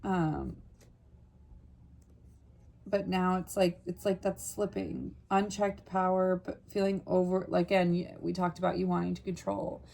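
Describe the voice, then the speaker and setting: A woman's voice: lowish voice, steady tone, measured pace, gravelly, a little mellow. A woman giving an earnest, rambling tarot reading straight to the viewer, full of fillers and restarts. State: briefly emotional, voice catching. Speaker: tarot reader. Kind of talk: casual spiritual tarot reading to camera.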